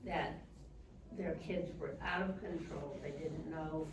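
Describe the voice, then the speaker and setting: A woman in the audience making a slow, unhurried comment during a church seminar. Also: low-pitched, steady tone. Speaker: audience member. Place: church hall. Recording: distant, echoey, noisy room.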